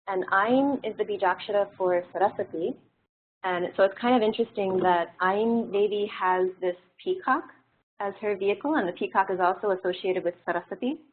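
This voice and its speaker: A woman teaching a classroom lesson in a relaxed, explanatory way, pausing on frequent fillers. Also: mid-range voice. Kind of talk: classroom lecture. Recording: tinny phone-like audio.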